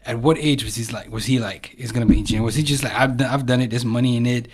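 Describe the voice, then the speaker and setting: A young man from Cameroon hosting a casual podcast interview, relaxed and encouraging, with frequent affirmations. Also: medium pitch, rapid-fire, background noise. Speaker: podcast host.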